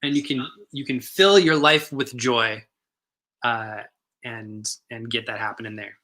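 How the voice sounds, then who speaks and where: A man's voice: medium pitch, fairly even intonation, measured pace, sharp tone. A man co-hosting a comic shop stream, chatting enthusiastically with lots of fillers and restarts. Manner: enthusiastic, rambling with many fillers. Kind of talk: casual chat.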